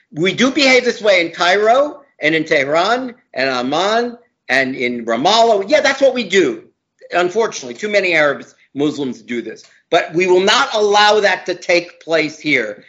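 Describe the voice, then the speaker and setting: A man's voice: sits high, sing-song, moderate pace, a bit bright. A man, a law professor, talking as an interview guest in an emphatic, opinionated way, repeating words for stress. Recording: dull lo-fi audio.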